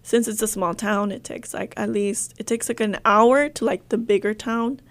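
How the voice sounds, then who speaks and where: A young woman telling a painful personal story in an interview, halting and emotional, with many fillers and restarts. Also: medium pitch, fairly even intonation.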